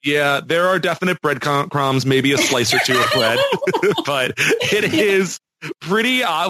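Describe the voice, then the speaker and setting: Giggly man with a lively voice. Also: a little high, unhurried, slight background noise. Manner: giggly, laughs often, lively delivery. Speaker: podcast co-host. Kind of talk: casual chat.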